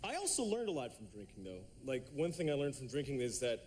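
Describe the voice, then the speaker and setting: A man being interviewed as a talk show guest, deadpan and halting. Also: mid-range voice, a little hiss or hum. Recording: studio audience audible.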